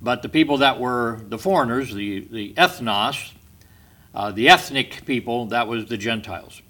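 Bright-voiced man teaching a Bible lesson. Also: mid-range voice. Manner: explanatory, stressing key words and pausing to restate. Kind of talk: Bible study lecture.

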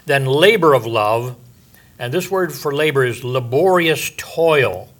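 A man's voice: mid-range voice, expressive, measured pace, fairly bright tone. Older male pastor teaching in a folksy way. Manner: conversational and folksy, homey asides and frequent "um" and "you know". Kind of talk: sermon, verse-by-verse Bible teaching.

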